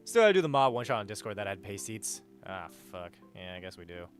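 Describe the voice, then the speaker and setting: A man's voice: fairly low pitch, very animated, fast talker, soft background music. A young man streaming live, chatting casually, reading out chat and donations, blunt and swearing freely as he rants. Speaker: livestreamer.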